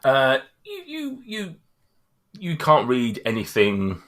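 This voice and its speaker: A man narrating as game master, halting and full of fillers. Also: mid-range voice, wildly swooping pitch, fairly bright tone.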